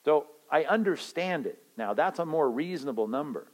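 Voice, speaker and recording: A man's voice: on the high side, expressive, moderate pace, rough recording. Joking man preaching a sermon. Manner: conversational and joking, acting out everyday scenes. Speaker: pastor. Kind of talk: sermon at a retreat.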